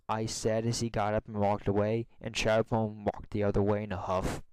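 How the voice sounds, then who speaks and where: A man reading a fan story aloud in plain, steady narration. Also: fairly low pitch, fairly quick, few pauses, clear, resonant tone, no echo, rough recording. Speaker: story reader.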